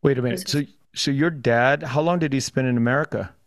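A man's voice: mid-range voice, brisk, no room sound, clean studio sound. A man hosting an interview over a video call, asking curious questions in a conversational way and often repeating words as he starts. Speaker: podcast host.

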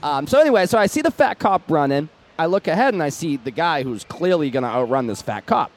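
A man's voice: fairly high pitch, sing-song, fast. A man with a Boston accent co-hosting a podcast, telling combative, profane stories. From Massachusetts. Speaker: podcast co-host. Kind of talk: casual podcast banter.

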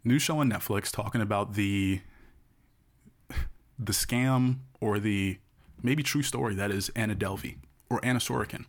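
A man's voice: lowish voice, moderate pace, long pauses, slight background noise. A man co-hosting a podcast in casual chat, telling a story at length and checking in with "right?". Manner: rambling storyteller, tags lines with "right?". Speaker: podcast co-host.

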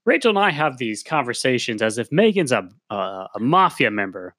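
A man's voice: medium pitch, big pitch swings, fairly quick, a bit bright. A man co-hosting a podcast, teasing and joking in casual chat. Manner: teasing, plays host to his co-host's bits. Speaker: podcast co-host.

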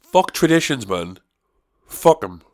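A North East England man hosts his own podcast, rambling loosely, swearing freely and wandering off on tangents. His mid-range voice has a darkish tone, slow pace and big pitch swings.

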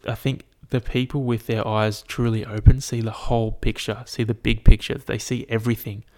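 Low-voiced profane podcaster. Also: male voice, darkish tone. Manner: casual and profane, lots of fillers. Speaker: podcast host. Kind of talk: solo podcast rant and storytelling.

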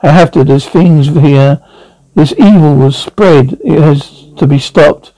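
A man's voice: on the high side, slow pace, warm tone, dry recording, rough recording. A man reading the part of the Doctor, a resolute male traveller urging others to listen. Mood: urgent.

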